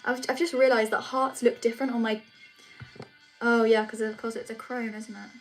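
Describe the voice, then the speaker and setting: A woman's voice: a little high, flat delivery, moderate pace, faint music behind. A teenage girl from England chatting casually on a livestream as she reads and answers comments, often restarting her sentences. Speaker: livestream host. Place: home room.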